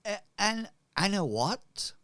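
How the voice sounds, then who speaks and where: Haughty merchant, slow and gravelly, played by a man running a tabletop game, scoffing, aloof. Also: medium pitch. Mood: puzzled. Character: haughty dismissive male merchant noble.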